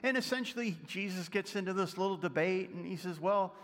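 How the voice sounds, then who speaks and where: High-voiced male pastor in a reverberant hall. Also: a little fast. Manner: storytelling, reads scripture aloud, shifts between loud and hushed. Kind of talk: sermon.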